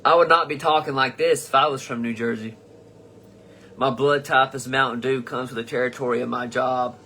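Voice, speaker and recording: On his own live comedy stream, a young male host reads fan comments and answers them in a casual, rambling, foul-mouthed manner, often restarting his sentences. The voice is medium-pitched and pushed and bright, with fairly even intonation and normal speed, plus a faint hiss or hum.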